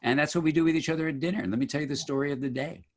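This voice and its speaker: A man's voice: on the high side, steady tone, racing. A man hosting a casual conversation, speaking a little way off the mic. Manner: brief listening responses.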